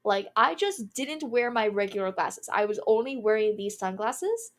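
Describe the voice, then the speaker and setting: A woman's voice: mid-range voice, normal speed. Candid young woman telling a story. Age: 20s. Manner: animated, candid, laughs through the telling. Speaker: streamer. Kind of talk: casual storytelling.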